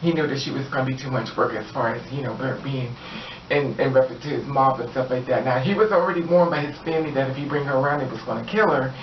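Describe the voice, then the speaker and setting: A man's voice: medium pitch, fast talker, a little hiss or hum. A man casually retelling a story in a rambling, filler-heavy way, slipping into quoted voices. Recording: roomy, distant, dull, faint ambience.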